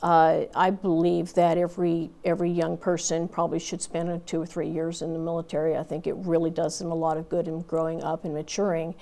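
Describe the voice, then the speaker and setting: A woman's voice: deep voice, flat delivery, fairly quick, vocal fry, hardly any pauses, warm tone. A woman in her fifties, a Marine Corps veteran, telling her story candidly in an interview with plenty of fillers and restarts.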